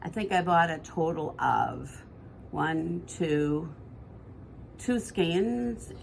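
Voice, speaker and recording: A woman co-hosts a podcast, chatting casually in a low voice with drawn-out words and vocal fry. She rambles and corrects herself as she goes. Slight background noise is audible.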